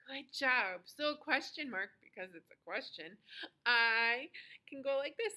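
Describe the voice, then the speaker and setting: A woman teaching a lesson to young children, cheerful and encouraging, with a sing-song delivery and slow, deliberate phrasing. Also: high-pitched, lively intonation, pushed and bright, poor audio.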